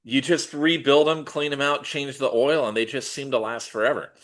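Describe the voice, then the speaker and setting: A man at an everyday pitch hosts a podcast over a video call. He asks questions in a relaxed, slangy way, like a keen old-school bike fan. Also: normal speed. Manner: enthusiastic bike nerd, laid-back slang. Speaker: podcast host. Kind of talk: casual interview chat.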